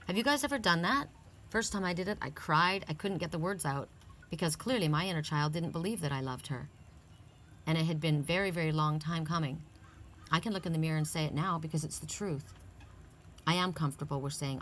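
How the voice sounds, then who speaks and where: A woman's voice: sits low, fairly quick, a bit bright, slight background noise. A woman giving a casual, upbeat oracle card reading, chatting freely and reciting affirmations with emphasis.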